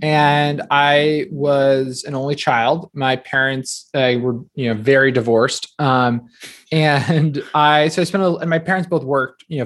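A man's voice: medium pitch, a bit bright. A man in his thirties from New Jersey, a guest author chatting casually in an interview, peppering his talk with fillers. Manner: chatty, quick, filler-heavy with many "like"s.

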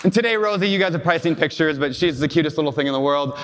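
A man's voice: a little high, racing, fairly bright tone, a faint crowd, a little hiss or hum. A man giving a talk as a real estate investor, telling emotional personal stories to a live audience and asking them questions. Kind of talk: storytelling keynote to a live audience. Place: large hall with an audience. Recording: long hall reverb.

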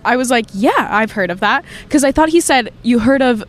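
A woman's voice: a little high, animated, normal speed. Giggly laid-back young woman. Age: 20s. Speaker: podcast co-host. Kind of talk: casual chat.

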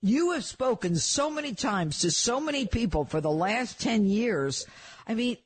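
Emphatic female radio host, husky voice, dry studio sound. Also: a little high, lively intonation, unhurried, no echo. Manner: emphatic, impassioned. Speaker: radio talk show host. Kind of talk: radio interview.

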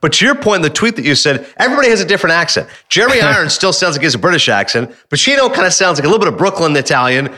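A man co-hosting a casual sports and pop culture talk show, animated and full of quick asides. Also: fairly high pitch. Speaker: co-host.

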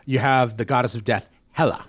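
A man on a casual podcast panel, measured, talking about comics. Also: mid-range voice, fairly even intonation, slight background noise. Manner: measured, comic-book commentary.

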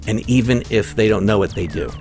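A man co-hosting a music podcast, talking in a relaxed, chatty way with fillers. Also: fairly low pitch, a little fast. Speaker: podcast co-host. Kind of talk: casual music podcast chat.

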